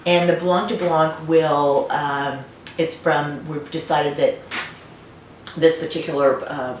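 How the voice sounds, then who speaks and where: A woman winemaker being interviewed, telling stories and remembering in a warm, conversational way. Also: deep voice, steady tone, slow. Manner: warm storytelling, reminiscent. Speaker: winemaker guest. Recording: roomy, distant, faint noise.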